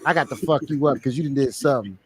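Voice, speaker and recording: A man in casual podcast chat, talking in an animated, profane, joking way. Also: medium pitch, fast, slightly rough, no echo.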